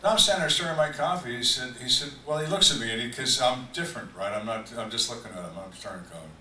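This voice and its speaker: An older man who was a homicide detective tells dry, deadpan stories with slow, emphatic pauses at a live fan Q&A. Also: mid-range voice, slight background noise. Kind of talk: live storytelling Q&A. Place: event room on a cruise ship, live audience. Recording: echoey room, distant mic, faint ambience.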